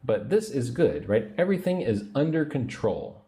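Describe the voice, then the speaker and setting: A man teaching English on a livestream, speaking slowly and patiently and repeating phrases for learners. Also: mid-range voice, big pitch swings, dark tone. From United States.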